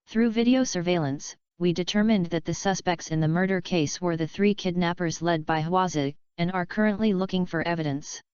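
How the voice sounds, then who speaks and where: Polite young cop guy read by a woman, smooth voice, kinda dull lo-fi sound. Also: lowish voice, moderate pace, few pauses, darkish tone, no room sound, natural voice. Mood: calm. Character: calm polite young man, a capable detective.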